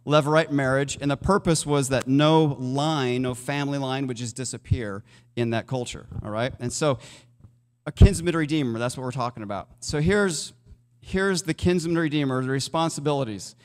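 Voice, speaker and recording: A man's voice: medium pitch, normal speed, big-room sound. A male pastor preaching a sermon in a conversational way, asking his listeners questions. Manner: conversational, asks the congregation questions. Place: church sanctuary.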